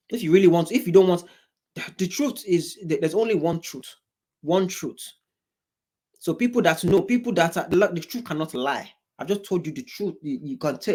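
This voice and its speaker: A man hosting a reaction video, talking in an animated, emphatic way, with big swings in pitch and many repeated, restarted words. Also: breathy edge. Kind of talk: reaction commentary.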